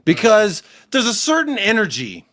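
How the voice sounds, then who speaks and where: A man in his thirties on a football panel, loud and taunting, teasing the others and swearing freely. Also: high-pitched, huge pitch swings, moderate pace. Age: 30s. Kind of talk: boisterous casual banter.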